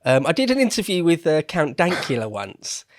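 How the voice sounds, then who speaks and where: A man's voice: a little high, huge pitch swings, moderate pace, dry recording. Interviewer, male, London-Essex accent, chatty and easygoing, dry close sound. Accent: London and Essex English. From England. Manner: chatty, laughs easily, trailing asides. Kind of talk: casual interview chat.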